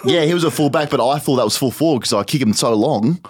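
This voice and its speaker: An Australian man co-hosting a casual podcast chat, a jokey storyteller who acts out quotes in lively voices. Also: mid-range voice, quick pace, slightly rough. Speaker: podcast co-host.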